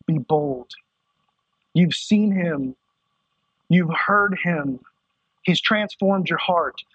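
A man with a drawl preaches with animated, climbing emphasis. His voice sits high and a little husky. The sound is dry and somewhat muffled, with little sparkle. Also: no echo. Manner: animated, rising to excited emphasis. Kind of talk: sermon.

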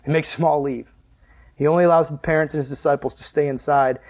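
A man preaching a conversational sermon, animated and speaking straight to his listeners. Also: fairly high pitch, fast. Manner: animated storyteller, addresses listeners directly.

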